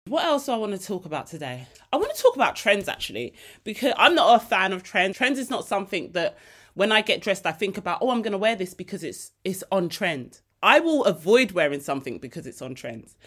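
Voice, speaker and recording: A woman hosting her own podcast, telling stories in a lively, emotional way and laughing easily. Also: medium pitch, fairly quick, husky. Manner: animated storytelling, laughs and gets emotional easily. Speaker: podcast host. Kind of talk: casual solo podcast chat.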